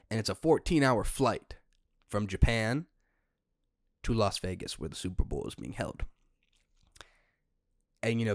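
A young man hosting a solo podcast, ranting in an exasperated way with sudden loud outbursts. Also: fairly low pitch, creaky, dry recording, studio quality. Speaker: podcast host.

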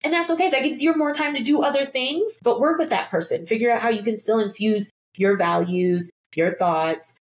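A woman talking as a guest in a casual podcast chat, bubbly and jumping into high squeaky voices when she quotes people. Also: moderate pace, few pauses. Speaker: guest, people business partner.

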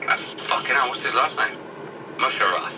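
A co-host reads news headlines aloud amid casual banter, swearing freely and stumbling over the harder words in an irreverent way. His mid-range voice, at normal speed, comes from well back from the mic, with loud background noise throughout.

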